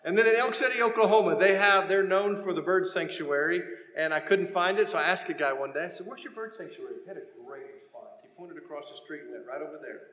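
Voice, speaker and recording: Man, high voice, lively church comedy talk, echoey hall with long reverb. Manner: animated storytelling with quoted voices and punchlines. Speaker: guest speaker at a church. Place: large church sanctuary. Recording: echoey hall, faint noise.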